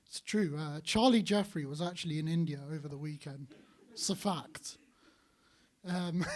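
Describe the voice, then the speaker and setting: A young man doing a stand-up set at a student comedy night, dry and deadpan with ironic asides. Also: high voice. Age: young adult.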